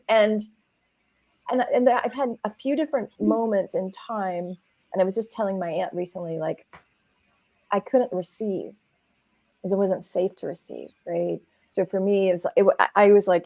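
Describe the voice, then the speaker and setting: A woman's voice: mid-range voice, moderate pace, darkish tone, no echo. A middle-aged woman from Arizona, a counselor co-hosting a casual chat, who talks in a chatty way and often repeats and restarts her words. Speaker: guest co-host, counselor.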